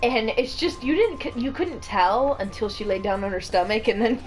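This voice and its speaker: A woman's voice: fairly high pitch, normal speed, poor audio. A woman chatting casually with family, laughing as she talks. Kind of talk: casual chat. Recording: loud game music behind. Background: game music.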